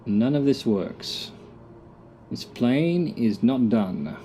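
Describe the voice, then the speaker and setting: Mellow-voiced middle-aged Australian man. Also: medium pitch, expressive, extremely slow, a little hiss or hum. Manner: muttering to himself, dry self-mocking jokes. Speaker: gamer. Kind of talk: casual gameplay commentary.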